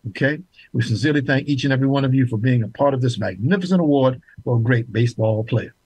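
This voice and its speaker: A man's voice: medium pitch, quick pace, darkish tone, husky, no echo, rough recording. A man hosting a talk show, speaking emphatically and repeating key points for viewers.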